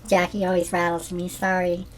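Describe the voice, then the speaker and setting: Here a male comedy host voices Janis Simpleton, a ditzy, self-absorbed middle-aged woman teacher, in scripted character comedy. The delivery is high, monotone and at normal speed, with a fairly bright tone, slight background noise, and an airy, rambling, giggly, scatterbrained feel.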